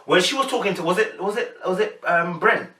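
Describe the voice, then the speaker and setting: Young London man, chatty slangy commentator, bright-toned, slightly raised pitch, room echo, off-mic. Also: brisk, recorded from a distance. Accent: London English. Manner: chatty, slangy, addresses viewers directly. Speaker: reaction commentator. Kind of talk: casual to-camera commentary. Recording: echoey room, voice a bit off-mic.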